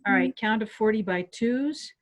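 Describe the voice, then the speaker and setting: A woman calmly guiding listeners step by step through a stress relief tapping exercise on a video call. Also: medium pitch, moderate pace. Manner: calm step-by-step coaching. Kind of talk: guided tapping exercise instruction. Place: home office on a webinar.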